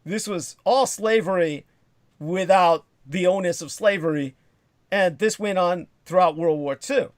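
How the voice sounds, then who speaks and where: A man's voice: high voice, a little slow, no room sound, studio quality. A man hosting a livestream, telling a long rambling story in a profane, digressive way and reading out comments from the chat as he goes. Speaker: livestream host.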